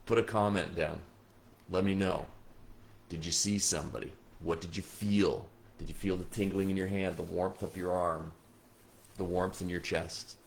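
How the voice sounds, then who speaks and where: A man hosting a late-night livestream as a psychic medium, reading viewer comments at his computer, moving between soft, slow reflection and excited chatter. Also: sits low, vocal fry, a little hiss or hum. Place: indoors at a computer.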